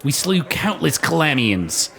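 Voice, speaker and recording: Casting note: tabletop player, man, earnest, halting delivery. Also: a little high, big pitch swings, vocal fry, fairly bright tone. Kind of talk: in-character tabletop play.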